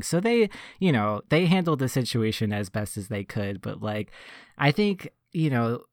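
A man in funeral service casually telling a personal story on a podcast, reflective and relaxed, full of "like" and "you know". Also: mid-range voice, normal speed, no room sound, clean studio sound.

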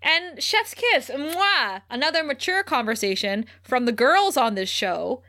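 A woman's voice: sits high, animated, a little slow, sharp tone. A woman co-hosting a podcast, chatting casually and animatedly as she recaps a show, swearing freely and acting out the quotes. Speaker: podcast co-host.

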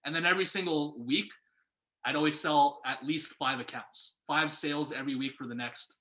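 Bright-voiced young man telling a story. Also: a little high, normal speed. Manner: animated, acts out quoted voices. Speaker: guest. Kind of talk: storytelling in casual chat. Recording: echoey room.

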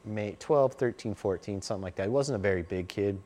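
A middle-aged man with a lowish voice, telling his stories casually in a loose, rambling flow. He drops "like" and "you know" all through his sentences. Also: a little fast, a little mellow. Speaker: interview guest. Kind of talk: casual storytelling.

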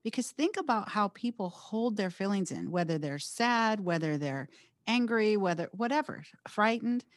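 A woman's voice: mid-range voice, animated, normal speed, no echo, studio quality. Emphatic woman hosting a podcast. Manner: emphatic and encouraging, acts out quoted speech. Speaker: podcast host. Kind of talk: candid podcast conversation.

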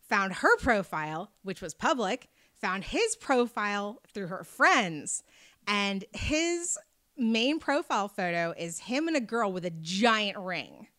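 A woman chatting casually, telling an animated story and acting out the people in it. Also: medium pitch. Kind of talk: casual chat.

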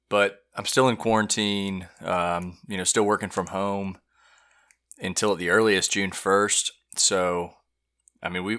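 Low, bright-voiced man feeling unwell. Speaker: podcast co-host. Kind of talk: casual podcast chat.

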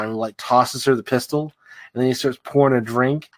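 A man's voice: mid-range voice, fairly even intonation, normal speed. A man co-hosting a casual podcast about an old film, rambling and hedging with lots of "like" and "you know". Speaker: podcast co-host. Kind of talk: casual film-review chat.

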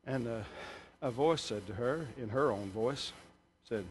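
A man with a mid-range voice preaches a sermon at a measured pace in a church sanctuary, with slight background noise. He is emphatic, cracks jokes to the congregation, and raises his voice for scripture and punchlines.

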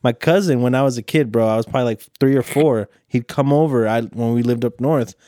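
A young man telling a childhood story in a relaxed way, swearing and slipping into Spanish when he quotes someone. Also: mid-range voice, fairly quick, no echo, studio quality. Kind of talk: casual storytelling chat among friends.

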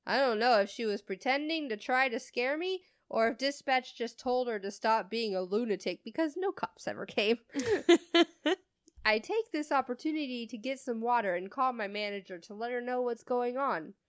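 A woman spinning a casual, animated story, laughing often and swearing freely. Her voice is slightly high and recorded dry and close. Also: moderate pace, smooth, no echo.

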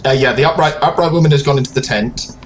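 Calm guy running a tabletop game, mid voice, just narrating. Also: medium pitch, fast talker. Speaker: game master.

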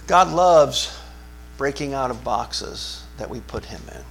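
A man preaching a sermon as pastor, talking conversationally and asking his listeners questions, swinging from hushed asides to loud, emphatic bursts. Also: medium pitch, lively intonation, slow, gravelly, slightly rough. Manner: conversational, asks the congregation questions.

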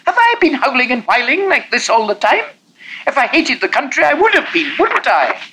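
A man's voice: extremely high pitch, wildly swooping pitch, moderate pace, sharp tone, breathy edge, pitched above the performer's own voice, heavily acted. A man voicing a petulant young boy who whines and insists on getting his way. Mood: whining. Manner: whiny, insistent.

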